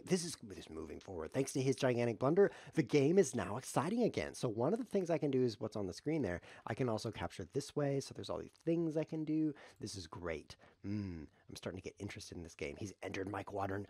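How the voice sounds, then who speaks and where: Low-voiced chatty man streaming chess. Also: gravelly, dark tone, slightly rough, no room sound, clean studio sound. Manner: rambling, jokey, thinking aloud. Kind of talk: live chess commentary.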